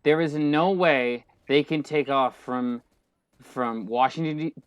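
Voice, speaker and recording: A young man co-hosting a podcast, ranting in casual chat with an exasperated, halting manner full of fillers and restarts. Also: medium pitch, clean tone, no echo. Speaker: podcast co-host. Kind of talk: casual movie-rant chat.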